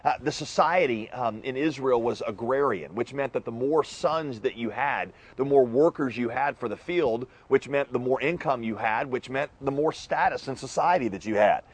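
A man's voice: mid-range voice, moderate pace, few pauses, slightly rough. A man preaching a sermon as a pastor, conversational and full of joking asides.

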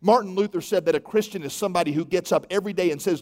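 A man in his thirties preaching a sermon, telling stories with lively acted-out dialogue. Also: high voice, rapid-fire, hardly any pauses. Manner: animated storytelling with acted-out dialogue. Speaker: pastor. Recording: long hall reverb.

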